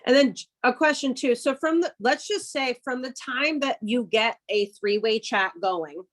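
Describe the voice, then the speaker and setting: Female team member, halting questioner, slightly higher voice, video call. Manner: halting, restarts her questions.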